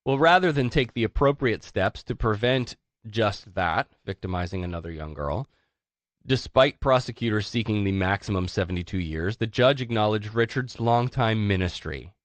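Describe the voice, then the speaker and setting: A man's voice: fairly low pitch, moderate pace, few pauses, no room sound. A man with a sore throat, co-hosting a casual podcast and reading news stories aloud with sarcastic commentary. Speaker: podcast co-host.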